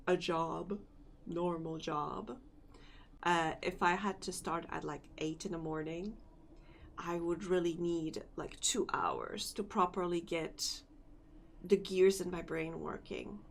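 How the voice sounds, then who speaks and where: A woman's voice: fairly low pitch, creaky, a little hiss or hum. A sleepy, yawning woman streamer chatting casually with her viewers, rambling and repeating herself as she wakes up. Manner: rambling, repeats phrases, talks to chat. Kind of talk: casual live-stream chat.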